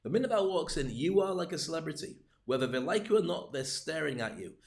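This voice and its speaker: Joking man, high-ish voice. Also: lively intonation, fast, creaky. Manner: joking, rambling asides. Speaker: public speaking coach. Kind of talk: livestreamed talk.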